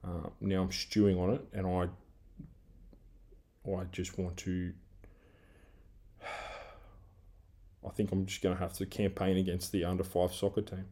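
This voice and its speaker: Australian man ranting, low dark voice. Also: flat delivery, measured pace, pauses often. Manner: angry, heavy swearing, rambling rant; self-described big guy who coaches team training. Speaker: podcast host. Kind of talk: solo ranting monologue.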